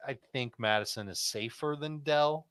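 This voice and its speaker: A man giving start and sit advice as an analyst on a live fantasy football panel, matter-of-fact with deadpan asides. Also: medium pitch, moderate pace, clean tone, no room sound.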